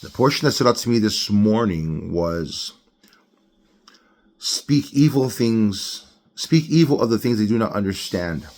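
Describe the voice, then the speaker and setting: A man's voice: on the low side, lively intonation, a little mellow. A man delivers a casual morning devotional sermon, speaking plainly and conversationally. He restarts phrases and repeats words as he works through his thoughts. At times he slips into brief dramatized voices to make a point. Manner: conversational, acts out panicked voices in quick asides. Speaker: preacher.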